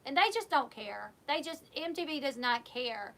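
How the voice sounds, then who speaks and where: A woman with a high, bright-sounding voice talks straight into a close mic. She recaps a reality show in a casual, gossipy way, sharing her opinions and acting out the quotes as she goes. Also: lively intonation, normal speed.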